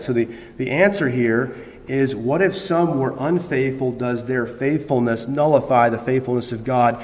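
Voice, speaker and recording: A man's voice: mid-range voice, moderate pace, a little mellow. A man preaching a sermon as a pastor, telling a story in a loose, conversational way with frequent restarts and rising emphasis. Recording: echoey hall, long reverb.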